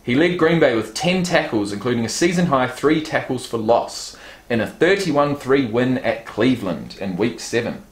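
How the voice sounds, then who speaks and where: A man's voice: medium pitch, animated, moderate pace. A man casually unboxing fan gifts on his vlog, reading card stats and a letter aloud and swearing now and then. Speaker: YouTube vlogger. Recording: roomy echo.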